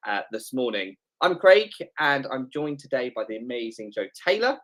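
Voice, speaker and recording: A man's voice: medium pitch, expressive, fairly quick, a bit bright, poor audio. A man from Britain hosting a webinar, chatty and joking over a video call. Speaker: webinar host. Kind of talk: casual webinar chat.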